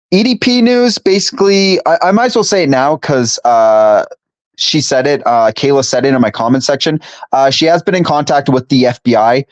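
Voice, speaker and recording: A man's voice: medium pitch, no room sound. A young man, stuffy from allergies, chatting casually and profanely on a live stream and reading chat aloud. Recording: dry, slightly dull home recording.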